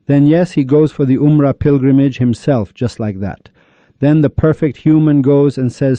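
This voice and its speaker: A man's voice: mid-range voice, normal speed, mellow, no room sound. A man giving an impassioned religious lecture, firing rhetorical questions and scolding his listeners. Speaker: religious speaker. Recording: dull lo-fi dry recording.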